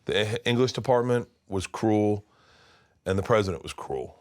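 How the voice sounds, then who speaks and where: A man's voice: fairly low pitch, normal speed. A man in his fifties, a comedian guest, telling a long story in an interview and acting out the other people in it. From United States. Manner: animated storyteller, acts out quoted voices.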